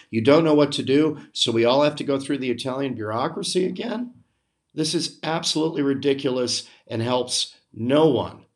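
An American man holds forth in a solo podcast monologue at an ordinary, mid-range pitch. He is emphatic and indignant, leaning hard on key words and slipping into sarcasm as he argues his point. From United States. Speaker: podcast host. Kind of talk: opinion monologue.

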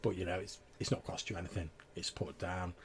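A man's voice: low-pitched, flat delivery, a little fast, slight background noise. A man narrating as game master in a casual, hesitant way with many fillers.

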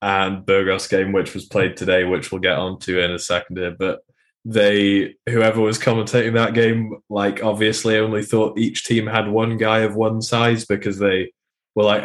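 A man co-hosting a sports podcast, talking through games in a measured, analytical way with frequent hesitations. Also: fairly low pitch, completely flat delivery. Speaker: podcast co-host. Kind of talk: casual sports chat.

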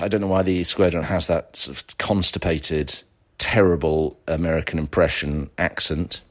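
A man's voice: low voice, moderate pace. A man hosting a solo podcast, rambling and digressive with a sarcastic edge. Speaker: podcast host. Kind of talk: casual solo podcast monologue.

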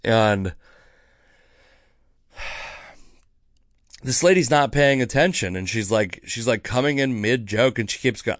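A man's voice: medium pitch, unhurried, gravelly, long pauses, dry recording, studio quality. A man hosting his own podcast, casually telling a story about a heckler with lots of swearing. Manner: profane, animated storytelling. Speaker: podcast host, comedian.

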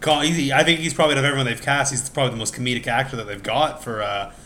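A man's voice: mid-range voice, steady tone, rapid-fire, pushed and bright, a little hiss or hum. A man co-hosting a podcast, chatting casually about a film and hedging his opinions as he thinks aloud. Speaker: podcast co-host. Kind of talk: casual movie chat.

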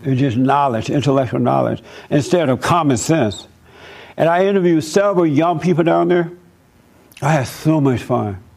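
A man hosting a talk show, telling an animated, emphatic story and preaching in a casual, fervent way. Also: on the high side, moderate pace, gravelly.

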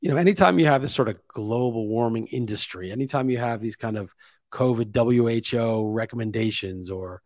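A man hosts his own podcast, recorded at studio quality with no echo, speaking in a lowish, slightly mellow voice. In a casual opinion monologue he thinks aloud, raising his voice to stress key points.

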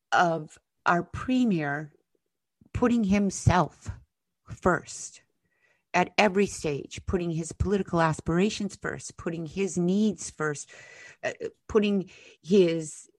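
A woman with a somewhat low voice delivers impassioned political commentary, angry and emphatic, swearing freely. The sound is dry and close, with no room around it. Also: dry recording. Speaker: podcast co-host.

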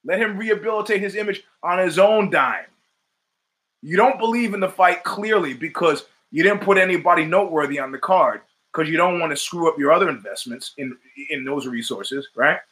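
On his podcast, a middle-aged man gives an opinionated monologue at a moderate speed, his fairly bright voice running on the high side. The delivery is emphatic and rhetorical, with lines repeated for effect.

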